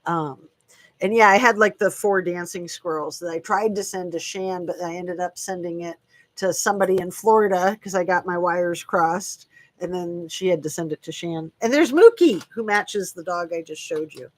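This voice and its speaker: Speaking at a moderate pace in a fairly low voice, this true crime channel host, a woman in her fifties, streams live from her home. She rambles amiably, chatting with her audience and addressing her dogs.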